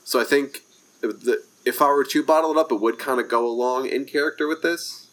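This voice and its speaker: A man playing a tabletop role-playing game, talking in halting restarts. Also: medium pitch, a bit bright. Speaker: player.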